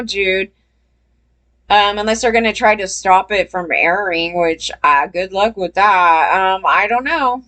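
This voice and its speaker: A woman's voice: medium pitch, expressive, measured pace, fairly bright tone. A woman hosting a casual commentary channel, talking bluntly and chattily to her viewers with plenty of fillers and some swearing.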